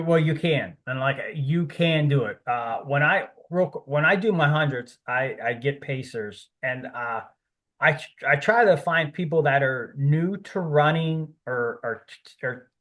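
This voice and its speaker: A man's voice: on the high side, a bit bright. A man talking as a podcast guest, rambling and encouraging, with many fillers and restarts. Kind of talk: casual interview talk.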